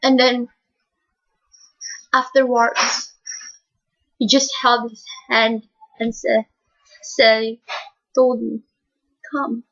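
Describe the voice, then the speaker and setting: A woman giving an emotional faith testimony in a soft, tearful voice, halting and repeating her words. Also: fairly high pitch, flat delivery, creaky. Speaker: speaker giving a personal testimony. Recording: dull lo-fi recording.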